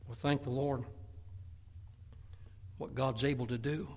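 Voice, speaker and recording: A man preaching a sermon, telling Bible stories with animated acted-out voices, swinging from loud peaks to hushed low tones. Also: unhurried.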